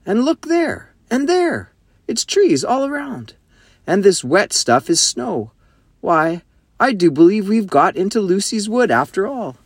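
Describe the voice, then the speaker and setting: An eager, bossy schoolboy exclaims in a raised, animated voice, done by a man reading aloud. He sounds hearty and sure of himself. The recording is dry and close. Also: a little high, moderate pace, no echo, voice pushed up. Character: eager bossy English schoolboy, eldest child.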